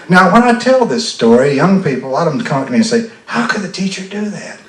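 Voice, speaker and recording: An older Southern man tells a folksy, self-deprecating story before an audience on a festival stage, in a slightly high, sing-song voice that moves quickly with few pauses. He often stammers and restarts, and the distant mic gives a roomy sound.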